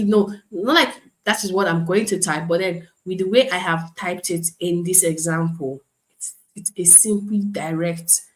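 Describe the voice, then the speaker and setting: A woman with a fairly low voice leads a live virtual lesson over a stream. She teaches in a loose, conversational way, circles back to repeat her points, and reads comments from the chat aloud. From Nigeria. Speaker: online class instructor. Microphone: computer mic on a live stream.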